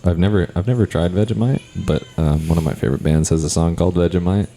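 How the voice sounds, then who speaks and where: A man's voice: low-pitched, quick pace, warm tone, slight background noise. A man who is a stage actor, chatting as a podcast guest in a rambling, self-deprecating way. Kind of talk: casual podcast chat.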